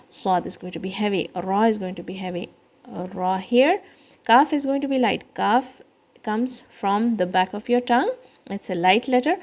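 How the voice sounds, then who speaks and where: A woman teaching children Quran recitation, explaining each letter slowly and patiently, step by step. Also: mid-range voice, darkish tone. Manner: breaks into quicker chanted recitation lines. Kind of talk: slow, patient kids' lesson.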